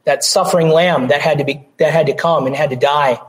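A pastor delivering a sermon, hoarse with his voice going out, earnest, with restarts and throat clearing. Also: a little high, steady tone, a little fast, low-quality recording.

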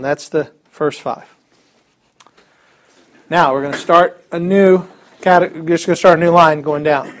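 A man teaching a Greek alphabet class in a classroom, upbeat and chatty with joking asides. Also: high voice. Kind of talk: classroom lesson.

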